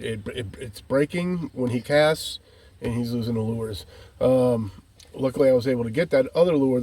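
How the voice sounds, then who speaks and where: A man's voice: mid-range voice, mellow, slight background noise. A man vlogging from his van and by the water, talking in a folksy, rambling way and calling his viewers "folk", filmed on a handheld phone. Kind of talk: casual vlog chat. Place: outdoors by water and inside a van.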